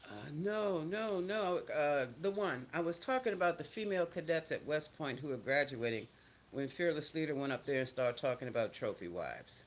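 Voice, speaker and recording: A middle-aged man with a voice on the high side hosts a casual livestream, greeting viewers by name and answering chat comments bluntly and chattily, and he scolds trolls sharply. He sounds expressive at a moderate pace. The recording is low quality, with slight background noise.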